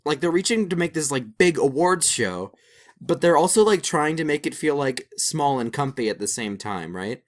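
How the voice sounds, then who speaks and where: A man's voice: fairly high pitch, moderate pace. A young man co-hosting a podcast, chatting casually and rambling with lots of fillers. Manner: animated, rambling with many fillers. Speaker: podcast co-host. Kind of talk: casual chat.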